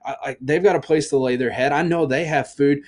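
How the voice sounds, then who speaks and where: A man's voice: fairly high pitch, fairly even intonation, a little fast, close to an everyday voice. A man voicing a desperate, starving young man who talks himself into going home to beg for work. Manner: pleading, talking to himself.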